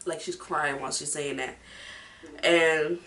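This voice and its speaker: A woman talks through a reality show episode in a loose, emphatic vlog manner, swearing freely and addressing her viewers directly. Her voice is bright and forceful, and the room around her rings with a noticeable echo. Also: deep voice, fairly even intonation, unhurried. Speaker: show reviewer. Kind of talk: casual review vlog.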